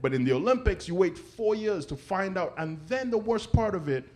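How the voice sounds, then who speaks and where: A man performing a stand-up comedy set, animated and conversational, often checking in with the crowd. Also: high-pitched, a little fast. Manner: animated, conversational, keeps asking "right?" and "okay?".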